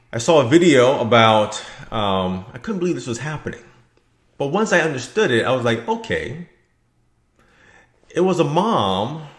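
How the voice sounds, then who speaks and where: A man giving blunt, rambling opinion commentary for his video channel. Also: mid-range voice. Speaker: vlogger. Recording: echoey room.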